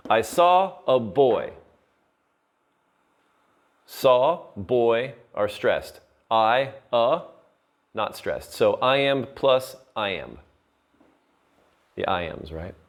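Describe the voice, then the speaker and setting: A man teaching a class on poetry terms, explaining slowly and patiently and often checking in with the students. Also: lowish voice. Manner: slow, patient, checks in with "right?". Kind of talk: classroom lecture.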